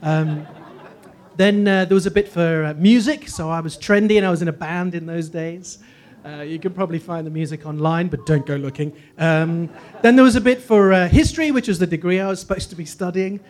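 Self-deprecating posh Englishman, high voice. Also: brisk, a little mellow. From Northeast England. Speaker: guest speaker. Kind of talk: humorous personal testimony.

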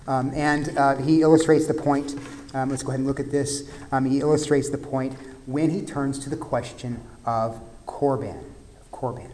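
A man's voice: mid-range voice, steady tone, moderate pace, darkish tone, big-room sound, a little hiss or hum, low-quality recording. A man preaching a sermon in a conversational way, asking the congregation questions. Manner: conversational, asks the congregation questions, many fillers. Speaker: pastor.

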